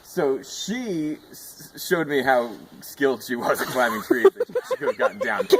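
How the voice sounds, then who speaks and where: Lively storytelling man. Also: mid-range voice, moderate pace, background noise. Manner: animated, laughs often while telling. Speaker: tree climber telling a rescue story. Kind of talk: casual storytelling.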